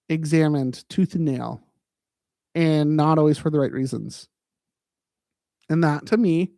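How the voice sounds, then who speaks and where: A man's voice: on the high side, vocal fry, a little mellow, dry recording. A man hosting a casual livestream, playful and rambling, jumping into silly bits. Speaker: livestream host.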